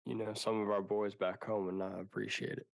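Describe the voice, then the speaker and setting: Male podcast co-host, laid-back and teasing, short replies, low voice. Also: little pitch movement, a little fast, gravelly, no room sound, clean studio sound. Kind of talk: casual chat.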